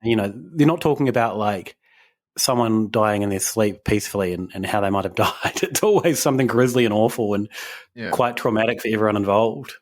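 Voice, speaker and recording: A man's voice: lowish voice, fairly quick. A young man, co-hosting a podcast, rambling and self-deprecating in casual chat. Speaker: podcast co-host.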